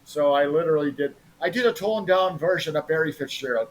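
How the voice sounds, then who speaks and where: A man's voice: fairly high pitch, fairly quick, hardly any pauses, low-quality recording. A man, an improv performer, chatting casually as a guest and telling stories about his work. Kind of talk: casual interview chat.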